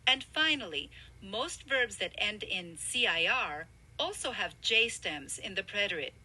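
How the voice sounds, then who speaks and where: A woman narrating a scripted grammar lesson, explaining clearly with emphasis. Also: mid-range voice, lively intonation, unhurried, sharp tone, low-quality recording. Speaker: language instructor.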